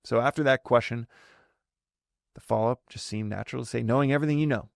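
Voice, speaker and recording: A man's voice: medium pitch, quick pace, gravelly, dry recording, clean studio sound. A man hosting a solo podcast, explaining ideas in a thoughtful way and often correcting himself mid-sentence. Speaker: podcast host. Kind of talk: solo reflective podcast talk.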